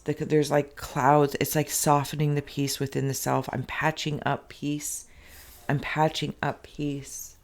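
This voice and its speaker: Gravelly, rambling spirit reader. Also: mid-range voice. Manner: rambling and emotional, drifting into soft half-whispers; loose, repetitive phrasing with many fillers. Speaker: spiritual reader hosting an inkblot reading channel. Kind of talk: channeled spirit reading, spoken freely.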